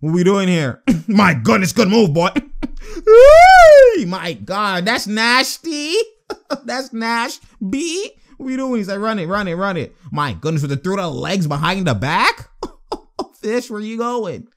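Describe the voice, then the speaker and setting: A young man calls a game as he watches it, his voice pitched high and swinging wildly up and down. He laughs constantly and shouts slangy exclamations between quick remarks on the play. It sounds like casual, loose reaction commentary. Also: very animated. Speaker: basketball reaction host.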